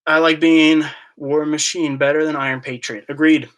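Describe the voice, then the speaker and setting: A man's voice: fairly high pitch, flat delivery, moderate pace, fairly bright tone. Rambling man chatting on a livestream. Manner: rambling, jokey, reads chat aloud. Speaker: YouTube collector channel host. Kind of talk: casual live-stream Q&A chat.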